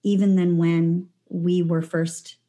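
A woman hosts a podcast in a casual, chatty way, often circling back with fillers and restarts. Her voice sits a little low. She grew up in Southern California. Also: little pitch movement, slow pace, warm tone. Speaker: podcast host.

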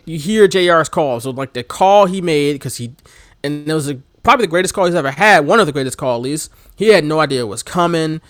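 Animated man chatting with lively swings. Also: on the high side, fast, no echo, clean studio sound. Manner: animated, laughs often, mimics commentators' shouts. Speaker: podcast co-host. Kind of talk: casual wrestling chat.

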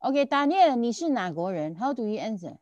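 Tutor, woman, lively up-and-down voice, patient and repetitive, dull dry sound. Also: a little high, fairly quick, no room sound. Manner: patient, repeats and checks understanding often. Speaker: Chinese language teacher. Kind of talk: online tutoring lesson.

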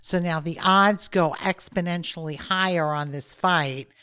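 A woman's voice: lowish voice, a little slow, sharp tone, clean tone. A woman co-hosting a podcast, chiming in with film trivia and asides in casual chat. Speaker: podcast co-host.

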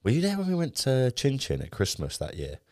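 A man, co-hosting a podcast in casual, lively chat and swearing often. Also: medium pitch, fairly quick, no echo, clean studio sound. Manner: lively, swears often, acts out friends' lines. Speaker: podcast co-host.

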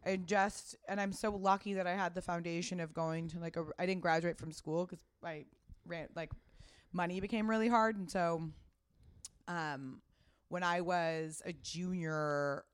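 Rambling woman guest with a smooth voice. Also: fairly low pitch, fairly even intonation, unhurried, dry recording. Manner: rambling, many fillers, swears casually. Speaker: guest, fashion brand founder. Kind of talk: casual interview chat.

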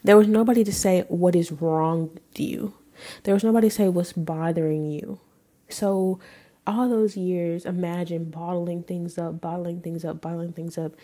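A woman's voice: on the low side, fairly even intonation, normal speed, dark tone. A woman in her twenties hosting a podcast, telling her own story in a candid, emotional way with casual swearing. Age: 20s. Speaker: podcast host. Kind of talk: personal storytelling monologue.

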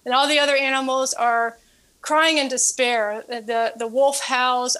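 A woman's voice: high voice, fairly even intonation, a little slow, fairly bright tone, clean tone. A woman fitness coach and author, speaking as an interview guest and telling a story earnestly, often repeating her words.

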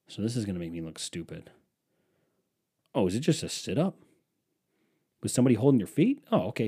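A young man hosting a solo podcast. He rambles casually, swears freely, and pokes fun at himself. His voice has a mellow, darker tone, and his pitch swings widely as he talks. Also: very animated, brisk, husky. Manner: rambling, profane, self-mocking. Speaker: podcast host.

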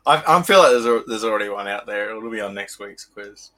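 A man's voice: lowish voice, lively intonation, brisk, fairly bright tone. A man with an Australian accent chatting casually on a podcast, rambling and laughing at his own jokes. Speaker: podcast co-host. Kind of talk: casual chat.

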